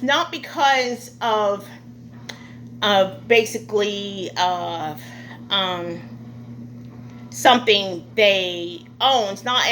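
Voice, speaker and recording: A woman vlogger talking through an indignant monologue, halting often with fillers. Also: medium pitch, fairly bright tone, a little hiss or hum. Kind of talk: casual opinion monologue.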